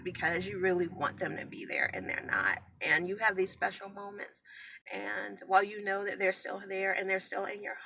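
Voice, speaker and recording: A woman's voice: medium pitch, moderate pace, vocal fry, sharp tone, slightly rough. A middle-aged woman talking emotionally and rambling to her viewers on a phone live stream. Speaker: natural hair vlogger.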